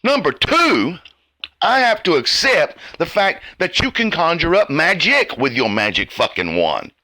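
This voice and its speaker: A man's voice: on the high side, very animated, measured pace, pushed and bright, no room sound. A man ranting in a heated, profane, sarcastic commentary as host of his own show.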